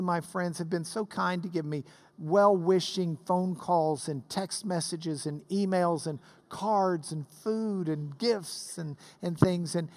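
A man, preaching to a class. His voice sits fairly high for a man. He moves between relaxed, joking storytelling and rising bursts of fervor. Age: 50s. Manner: storytelling with swells of rising intensity. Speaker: pastor. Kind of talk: sermon.

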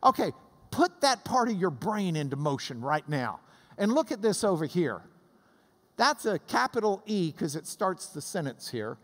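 A Bible study teacher giving a lively classroom lesson, chanting out rhythms to make a point. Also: medium pitch, normal speed. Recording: long reverb in a hall.

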